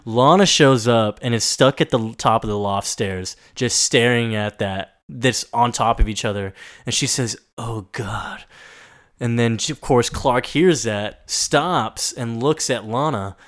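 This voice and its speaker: A man's voice: medium pitch, unhurried, a bit bright. A young man co-hosting a casual rewatch podcast, recapping scenes with crude jokes. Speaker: podcast co-host.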